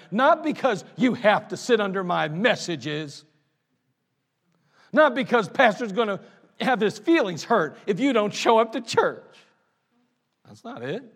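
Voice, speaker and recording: A male pastor preaching a sermon, emphatic, with repeated phrases and a folksy storytelling manner. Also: high-pitched. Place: church sanctuary. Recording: reverberant church hall.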